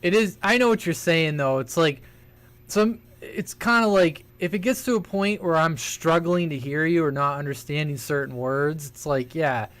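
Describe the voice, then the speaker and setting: A man with a high voice chats over a CB radio transmission. He talks bluntly and casually, swears a lot and likes telling stories. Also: normal speed, fairly bright tone, a little hiss or hum. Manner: blunt, profane, storytelling. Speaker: CB radio station operator.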